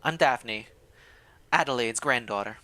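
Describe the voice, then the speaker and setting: A man's voice: medium pitch, a little slow, pushed and bright. A man voicing a polite young woman who is a new schoolteacher, in his own plain friendly voice.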